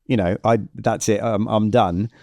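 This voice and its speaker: A man in middle age speaks in a low, steady voice, recorded close and dry with no room around him. He tells stories as a guest coach, voicing the other people in them and circling back to restart his thoughts. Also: moderate pace, dry recording. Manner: animated storyteller who acts out quoted dialogue, frequent restarts. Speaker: business coach, podcast guest. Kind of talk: conversational storytelling interview.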